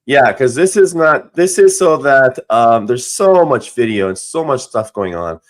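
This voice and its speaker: A man's voice: mid-range voice, lively intonation, unhurried. A man co-hosting a weekly community call, easygoing and agreeable, chatting casually with lots of yeps and fillers. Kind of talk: casual promotional chat.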